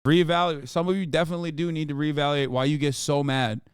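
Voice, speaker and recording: Male streamer, 30s, exasperated ranter who swears freely; smooth voice, dry close sound. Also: on the high side, little pitch movement, fast talker, dry recording. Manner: exasperated, ranting, swears a lot. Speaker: streamer reacting to a video. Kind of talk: casual livestream reaction.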